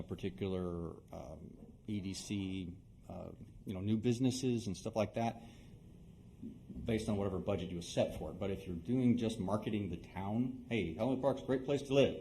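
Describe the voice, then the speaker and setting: Deep, mellow man, courteous advisor, explanatory, faint room noise. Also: low-quality recording. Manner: polite, explanatory. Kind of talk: meeting advice.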